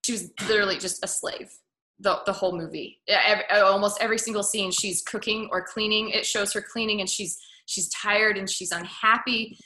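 A woman casually discussing a film, animated, often acting out characters in exaggerated voices. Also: mid-range voice, brisk. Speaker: film reviewer. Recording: echoey room.

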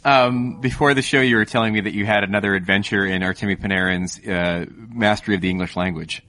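A man's voice: lowish voice, steady tone, fast talker, bright, forceful tone. A man hosting a hockey podcast, talking casually and thoughtfully, with frequent fillers as he builds his points. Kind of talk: casual sports chat.

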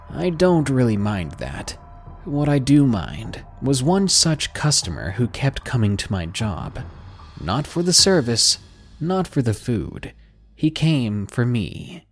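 A man narrating a listener's scary story in a dramatic scripted style with dry sarcastic asides. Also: mid-range voice. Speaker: podcast narrator. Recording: narration with faint music bed.

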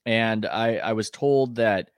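A man with a fairly low voice tells a story from his reporting days as a podcast guest. He talks in a chatty, animated way, with quick asides and self-corrections. The sound is dry and close, with no room around it. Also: clear, resonant tone, no room sound. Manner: animated anecdote telling with quick asides and restarts. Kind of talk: conversational podcast interview, storytelling.

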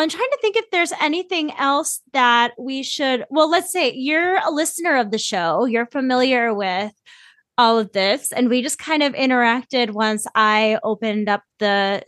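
A woman hosting a podcast in casual chat, chatty and animated, laughing often and swearing casually. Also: a little high, no room sound. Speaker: podcast host.

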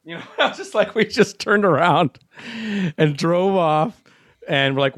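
A man hosting a casual chat, telling a story in an animated way, acting out quotes and swearing freely. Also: on the high side, normal speed, dry recording, clean studio sound. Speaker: show host telling a story.

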